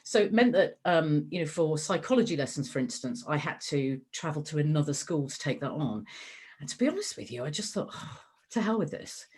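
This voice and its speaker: Low-voiced chatty woman, relaxed interview. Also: a little fast, husky. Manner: chatty, many fillers and restarts. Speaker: interview guest. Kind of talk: conversational interview.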